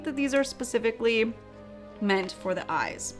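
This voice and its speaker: A woman's voice: on the high side, animated, moderate pace, soft background music. Bubbly young woman narrating a makeup tutorial. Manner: bubbly and chatty, with playful sound effects. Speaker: beauty vlogger.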